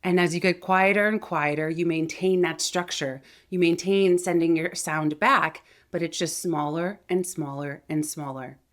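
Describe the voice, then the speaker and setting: A woman voice coach giving an energetic, demonstrative lesson on vocal projection, shifting between louder and quieter speech to show the technique. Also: fairly low pitch. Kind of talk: instructional video lesson.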